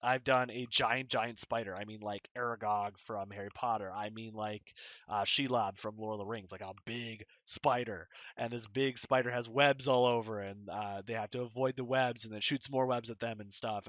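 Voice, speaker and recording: Bright-voiced, rambling young dungeon master. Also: male voice, on the low side, no echo, muffled recording. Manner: rambling, loose, full of fillers. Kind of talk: casual game-master advice.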